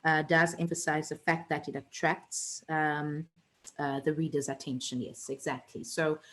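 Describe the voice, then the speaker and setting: A woman's voice: low-pitched, little pitch movement, measured pace, low-quality recording. A woman teaching an online revision lesson, chatty and teasing, with many fillers and restarts.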